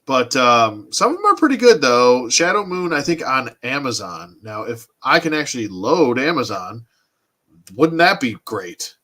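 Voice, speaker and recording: A man in his thirties hosts a casual toy collecting livestream, rambling and thinking out loud while answering his chat. His medium-pitched voice is sing-song and sharp in tone, and he takes his time.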